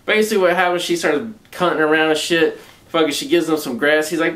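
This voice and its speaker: A man's voice: fairly high pitch, fast, fairly bright tone. A man with a Southern US accent reviewing a movie in a rambling, casual way, swearing constantly and using slang.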